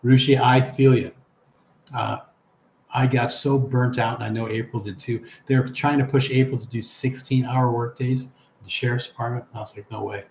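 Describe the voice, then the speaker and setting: An older man chats casually on his live stream, reading out what viewers write before answering. His mid-range voice is creaky and fairly even in intonation, delivered at a moderate pace. Faint hum and echo fill the room.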